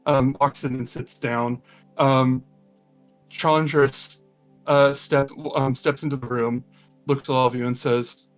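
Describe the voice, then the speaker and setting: A man's voice: mid-range voice, steady tone, unhurried, soft background music. A man working as game master, narrating a tabletop game in a loose, hesitant way with many fillers.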